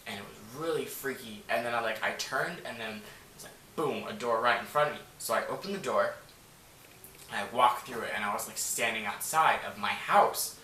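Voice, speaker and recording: Heard from afar in an echoey space with faint noise, a man loosely narrates a story to camera, full of fillers like "like" and plenty of swearing. His tone is sharp, his pitch medium, and his pace moderate.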